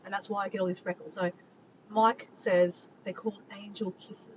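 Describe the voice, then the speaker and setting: In a relaxed livestream, this Australian host jokes around with her audience and reads their chat messages aloud. She speaks at a moderate pace in a level, slightly mellow voice. Faint rumble sits under the dull, lo-fi audio.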